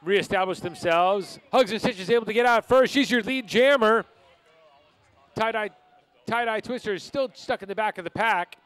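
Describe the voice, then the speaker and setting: An announcer calling roller derby action live in brisk play-by-play. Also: medium pitch, fairly bright tone. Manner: brisk play-by-play of skater moves. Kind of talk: live sports commentary.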